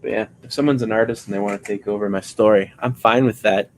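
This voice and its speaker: A man's voice: fairly low pitch, fairly even intonation, quick pace, a little hiss or hum. A man chatting casually on a livestream while building a puppet, rambling and joking as he thinks aloud about each step. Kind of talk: casual livestream craft chat.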